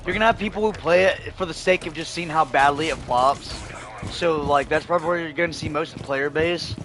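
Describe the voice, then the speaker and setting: A man streaming a video game, chatting casually and telling rambling stories, his voice going hoarse. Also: fairly high pitch, fairly quick. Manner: loose rambling storytelling, laughs often, swears freely. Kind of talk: casual livestream chat while gaming.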